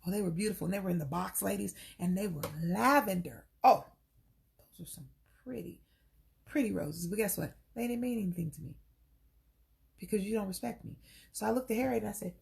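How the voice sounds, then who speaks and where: A middle-aged relationship coach talks briskly in a gravelly mid-range voice. She keeps it casual and sassy on a live stream, addressing the camera and preaching directly to the ladies.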